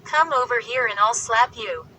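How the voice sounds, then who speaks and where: A woman voicing a rude wooden ventriloquist's dummy in a squeaky, taunting manner, read as an audiobook. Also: normal speed, bright, forceful tone, dull audio, slight background noise. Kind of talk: audiobook reading.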